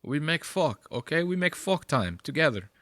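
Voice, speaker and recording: A man's voice: on the high side, sing-song, normal speed, bright, forceful tone, no room sound. A man putting on a boastful male comedian who hits on a woman in crude broken English, exaggerated and mocking.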